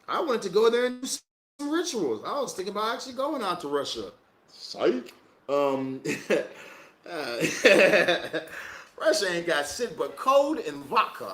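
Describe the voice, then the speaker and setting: A man's voice: high voice, huge pitch swings, normal speed, a bit bright, slight background noise. A man chatting casually as a tarot reader on a livestream, slangy and laughing through his asides. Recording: echoey room.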